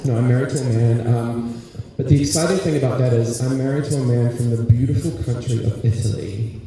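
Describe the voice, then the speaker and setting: A man's voice: medium pitch, steady tone, fairly quick. A man doing live stand-up comedy, bantering with the audience between bits, recorded far off in a large civic hall with audience sound. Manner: chatty, crowd-work banter with the audience. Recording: distant, very echoey hall, audience noise.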